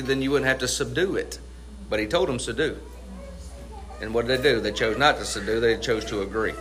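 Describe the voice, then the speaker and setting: A middle-aged man preaching a sermon as pastor. He is emphatic, asks the congregation questions and answers them himself, and draws out key phrases slowly for weight. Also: mid-range voice, pushed and bright.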